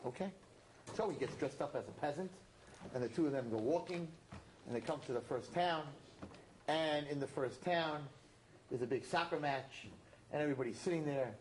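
A man teaching a class, telling a parable in an animated, emphatic way and repeating his points. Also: on the high side, fairly quick, slight background noise. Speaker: religious teacher. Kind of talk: storytelling lesson to a class. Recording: roomy echo.

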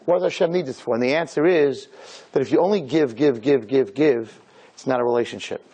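Here a rabbi lectures a group on Torah in a lively way, playing out mini-conversations and peppering them with rhetorical questions. The voice is mid-pitched, somewhat rough, and fairly quick.

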